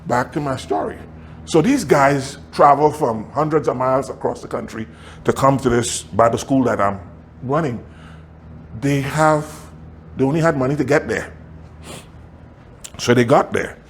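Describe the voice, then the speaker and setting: Animated man preaching a story. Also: mid-range voice, measured pace, long pauses, a little hiss or hum. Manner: animated, laughs often, acts out quotes. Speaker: pastor. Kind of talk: sermon storytelling.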